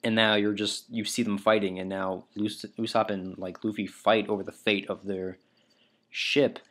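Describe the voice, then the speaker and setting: A man's voice: fairly low pitch, flat delivery, moderate pace, fairly bright tone. Rambling man counting down anime moments. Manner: rambling, filler-heavy, swears casually. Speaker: anime vlogger ranking moments. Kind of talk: casual countdown commentary.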